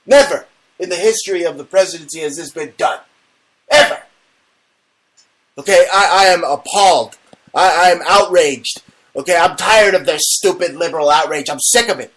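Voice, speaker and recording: A man hosting a comedy talk show, ranting loudly and indignantly with stammered restarts. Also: fairly high pitch, normal speed, low-quality recording. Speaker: host.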